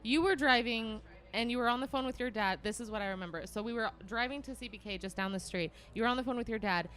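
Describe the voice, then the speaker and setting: A woman's voice: on the high side, fast talker, fairly bright tone, soft background music. A woman in her twenties, a podcast guest, chatting casually and backing up a shared story.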